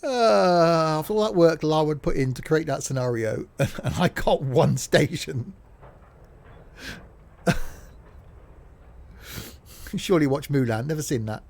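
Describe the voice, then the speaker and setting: Male game streamer, fairly high, chatty and easily exasperated. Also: expressive, a little mellow. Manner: chatty, self-mocking, quick to exasperation. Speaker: streamer playing a train simulator. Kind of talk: casual gameplay commentary.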